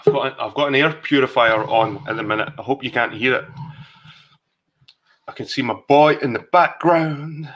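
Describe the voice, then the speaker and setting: Tipsy Scottish man, bright voice. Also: medium pitch, normal speed. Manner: chatty, sweary and rambling. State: slightly tipsy. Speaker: livestream host. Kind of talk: casual chat.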